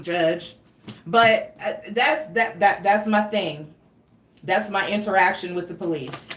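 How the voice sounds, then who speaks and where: A woman's voice: mid-range voice, fairly bright tone. Young woman rambling thru a tarot read, cussing a lot, kinda far from the mic and echoey. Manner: rambling, profane, chatty. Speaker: tarot reader. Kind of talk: casual tarot reading vlog. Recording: roomy echo, distant from mic.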